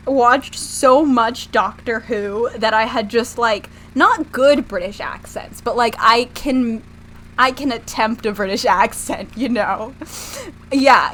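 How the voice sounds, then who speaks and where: A woman's voice: fairly high pitch, a bit bright, slight background noise. A young woman streamer chatting casually over gameplay, rambling and self-deprecating.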